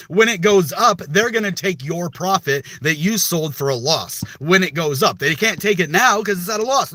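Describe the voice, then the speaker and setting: Ranting young man, bright dry voice. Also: sits high, dry recording. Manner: passionate, ranting, repeats words, rhetorical questions. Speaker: crypto video host. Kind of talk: emphatic crypto commentary to camera.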